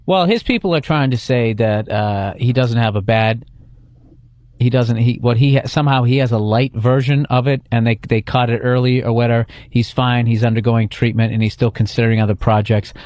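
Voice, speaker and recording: A man's voice: mid-range voice, fairly even intonation, brisk, darkish tone, no echo. A man co-hosting a casual comedic podcast, rambling and profane, often stumbling through restarts. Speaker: podcast co-host.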